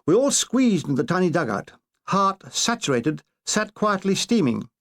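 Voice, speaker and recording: A man's voice: high-pitched, moderate pace. Wry man narrating his memoir. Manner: wry, deadpan asides.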